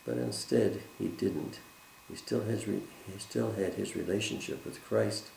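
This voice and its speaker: Deep gravelly male Bible teacher. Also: darkish tone, echoey room, a little hiss or hum, low-quality recording. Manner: earnest, measured teaching with scripture quotes. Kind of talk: Bible study lesson.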